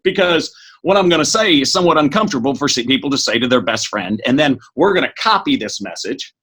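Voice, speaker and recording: Husky, energetic man giving a pep talk. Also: mid-range voice. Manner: energetic, fast, with many restarts. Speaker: podcast guest. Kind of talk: motivational talk.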